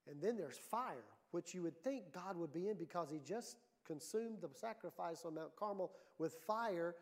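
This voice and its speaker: High-voiced animated preacher man. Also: moderate pace. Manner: animated storytelling preacher, rising to loud emphasis. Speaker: pastor. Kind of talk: sermon.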